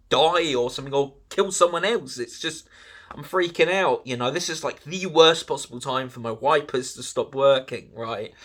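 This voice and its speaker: A man with an English accent rambles through a story on his own podcast. His voice sits at an ordinary middle pitch and he keeps stopping for "like" and "um". He is animated and quick to sound exasperated. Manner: rambling, full of "like" and "um". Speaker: podcast host. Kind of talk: casual solo storytelling.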